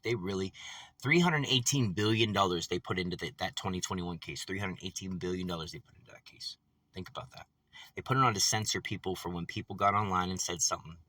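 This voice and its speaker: A man's low, pushed and bright voice, slightly rough and without room sound, carries an agitated, profane, repetitive rant as he tells his story in a rambling vlog. He's in a vehicle after work, on a distant mic with faint vehicle noise.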